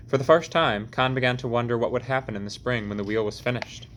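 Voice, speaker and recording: A man narrating an audiobook chapter in a measured, deliberate reading. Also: medium pitch, fairly even intonation, fairly bright tone, a little hiss or hum. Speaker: audiobook reader.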